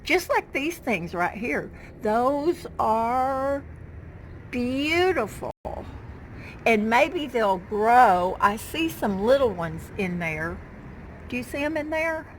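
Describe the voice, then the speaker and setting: Slow-talking woman in her garden. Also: on the high side, very animated, a little hiss or hum, low-quality recording. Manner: chatty, fond of her plants, talks to viewers as y'all. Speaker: gardening vlogger. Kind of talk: casual show-and-tell chat. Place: outdoors in her backyard garden.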